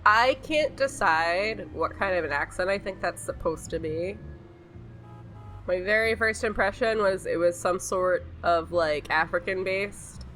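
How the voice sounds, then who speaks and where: A woman's voice: on the low side, unhurried, fairly bright tone, slight background noise. A woman casually commenting while playing a game, musing aloud and second-guessing herself. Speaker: game streamer. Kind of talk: casual commentary over gameplay.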